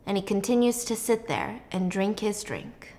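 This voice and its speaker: A woman's voice: mid-range voice, very animated, normal speed, warm tone. A young woman podcast host telling a story in a casual, joking, slangy way while she bakes.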